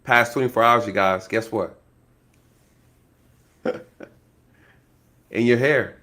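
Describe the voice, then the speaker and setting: Speaking extremely slowly in a medium-pitched voice, a man who used to work in law enforcement chats casually about true crime. He laughs a lot, stays animated, keeps turning to his viewers, and plays out possible scenarios.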